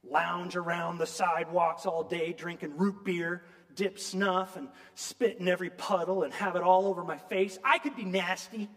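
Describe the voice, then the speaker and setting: A man's voice: sits high, fairly even intonation, normal speed, few pauses, fairly bright tone, long reverb tail. A man voicing a self-righteous, indignant woman who angrily argues with God. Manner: furious, growling complaint.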